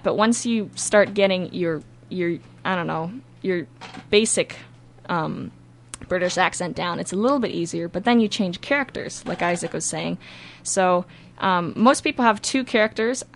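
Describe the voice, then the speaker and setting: Minnesotan teen girl, high school actor, gravelly fry in her voice, chatty and giggly. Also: a bit bright. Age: teens. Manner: chatty, giggly, quick to laugh. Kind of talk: casual interview talk.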